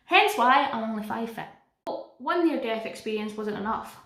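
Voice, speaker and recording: A young Scottish woman chats to her camera, telling stories with self-mocking jokes and easy asides. Her voice sits a little high for a woman. The room around her gives it a roomy echo. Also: lively intonation, moderate pace, a bit bright. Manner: chatty, self-deprecating, jokey asides. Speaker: vlogger. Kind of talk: casual storytelling vlog. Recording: echoey room.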